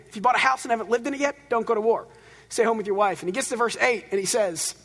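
A man preaching a sermon, telling stories with animated swings between loud, driven passages and hushed, quiet ones. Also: high-pitched, husky. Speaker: pastor. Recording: long reverb of a large hall.

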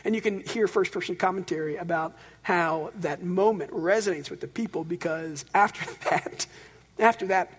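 Guy preaching, kinda high voice, bit husky, big hall echo, gets loud then goes quiet. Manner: animated storytelling, swings from loud to hushed. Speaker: pastor. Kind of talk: sermon. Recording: long reverb of a large hall.

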